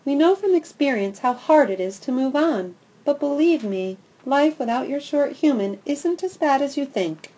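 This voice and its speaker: A woman voicing a kind, motherly female dog who speaks softly and sympathetically in a storybook reading. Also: sits high, expressive, measured pace, highs cut off, pitched above the performer's own voice. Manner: soft, sympathetic.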